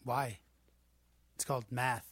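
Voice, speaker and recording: A man co-hosting a gaming podcast in casual chat, blunt and deadpan, teasing the others. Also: medium pitch, takes it slowly, breathy edge, no echo, clean studio sound. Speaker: podcast co-host.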